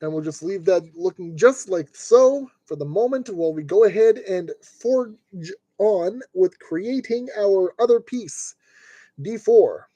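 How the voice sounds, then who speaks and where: A man's voice: high voice, expressive, unhurried, dark tone, dry recording. A man streaming live from his desk, casually talking himself through each step as he assembles a model kit. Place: at a desk indoors.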